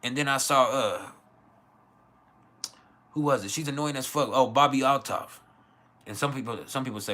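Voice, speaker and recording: A man's voice: medium pitch, moderate pace, long pauses, pushed and bright. Blunt, foul-mouthed man. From West Texas, US. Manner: blunt, profane, joking, answers chat. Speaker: livestream host. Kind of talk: casual livestream rant.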